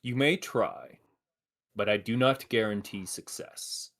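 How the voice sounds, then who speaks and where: A man voicing an ancient male silver dragon who speaks slowly and formally. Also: fairly low pitch, fairly bright tone. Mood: grave.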